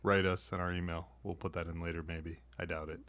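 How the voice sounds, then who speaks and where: A man's voice: deep voice, level tone, a little fast, fairly bright tone. A man hosting a podcast, playing the dry straight man with short prompting questions. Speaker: podcast host. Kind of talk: casual comedic chat.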